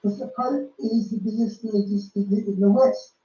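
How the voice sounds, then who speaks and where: A man's voice: high-pitched, steady tone, fairly quick, dark tone. A man giving casual, emphatic religious commentary, repeating and restarting his phrases. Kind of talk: casual preaching commentary on a film. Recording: dull, lo-fi, roomy sound from a distant mic.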